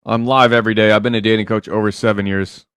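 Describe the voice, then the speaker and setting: A man's voice: on the low side, level tone, quick pace, fairly bright tone, clean tone, dry recording, studio quality. A man working as a dating coach, giving blunt, teasing advice on a live stream and swearing freely.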